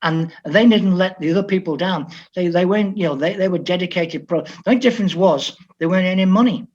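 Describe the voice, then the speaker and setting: An older man from Liverpool, a football coach, telling stories in an animated way with frequent restarts. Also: high-pitched, fast talker. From Liverpool, England. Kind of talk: storytelling interview talk. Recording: dull lo-fi audio.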